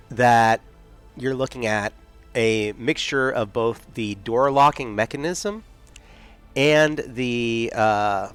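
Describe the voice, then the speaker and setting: A man's voice: medium pitch, clear, resonant tone. A man narrating as game master in a tabletop game, rambling and often searching for words.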